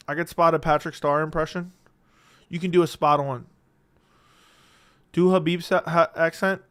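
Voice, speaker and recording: This livestream host's voice leans high and a touch bright. He reads viewer messages in a casual, laid-back stream from home, swearing freely into his studio dynamic mic.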